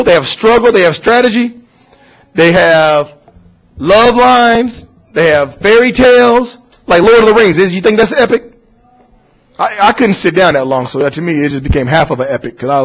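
Man, informal religious lecture, question-and-answer manner, high voice, husky tone. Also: low-quality recording. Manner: conversational, asks the audience questions and answers them himself. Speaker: Muslim teacher.

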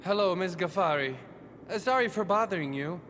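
An actor playing an apologetic building attendant calling someone, hesitant and halting in a dubbed drama. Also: male voice, high-pitched, expressive, fairly bright tone. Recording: reverberant hall with faint noise.

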